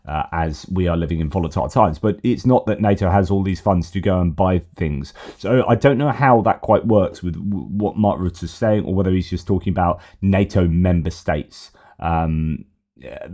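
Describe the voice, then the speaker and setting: He's a middle-aged man from Britain with a deep, mellow voice, presenting an update for his war news channel. The commentary is casual and rambling, and he corrects himself while thinking out loud.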